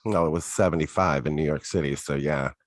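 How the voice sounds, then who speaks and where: An American man with an extremely low voice co-hosts a podcast, talking fairly quickly with no echo. In a casual chat about a TV episode, he offers wry, reflective remarks and joking asides.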